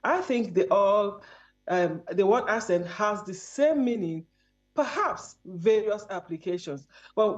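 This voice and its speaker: A woman's voice: medium pitch, a little mellow. A woman from Nigeria with a Nigerian accent, a guest in a remote interview, speaking earnestly and measuredly with frequent ums. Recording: dull lo-fi audio.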